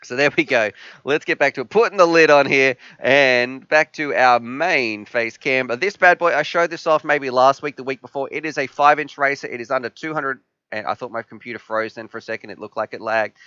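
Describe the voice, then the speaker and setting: A chatty male live stream host with a bright, clear, fairly high voice. He laughs easily and reads out viewer messages into a close, dry mic. The sound is a little dull and lo-fi. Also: fairly quick, no room sound. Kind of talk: casual live stream chat.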